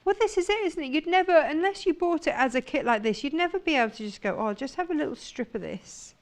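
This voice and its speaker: A woman's voice: high voice, expressive, quick pace. Gushing woman presenting products. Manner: enthusiastic, gushing over products. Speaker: shopping channel presenter. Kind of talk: live TV sales presentation. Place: TV studio.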